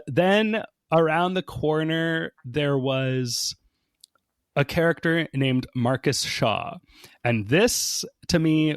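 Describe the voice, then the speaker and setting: A man's voice: medium pitch, no room sound. A man sits close to a dry, deadened microphone and tells a loose, rambling story in a mid-range voice. He fills gaps with "like" and "um" and briefly acts out each person he quotes. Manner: chatty, many fillers, acts out quoted people. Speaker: podcast guest. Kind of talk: casual storytelling on a podcast.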